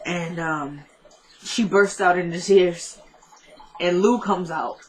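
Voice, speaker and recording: A chatty woman with a fairly low voice talks straight to her viewers as she recaps a TV drama. She retells each scene in a casual, conversational way and slips into the characters' lines as she goes. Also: slow, low-quality recording. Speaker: vlogger recapping a TV drama episode.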